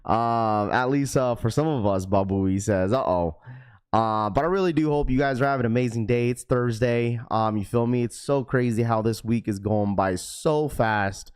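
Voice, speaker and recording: A man's voice: mid-range voice, moderate pace, a little mellow, clean tone. Upbeat young man greeting his stream chat. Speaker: live stream host. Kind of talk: casual live stream chat.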